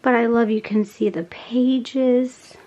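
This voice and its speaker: A woman chatting casually as she unboxes craft kits, gushing with soft laughs. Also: fairly high pitch, fairly even intonation, slow, dull audio. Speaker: unboxing vlogger.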